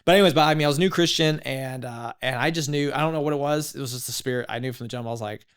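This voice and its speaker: A man in his thirties, a podcast guest telling his story in a casual, animated way, full of "like" and "legit". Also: mid-range voice, very fast, clean tone.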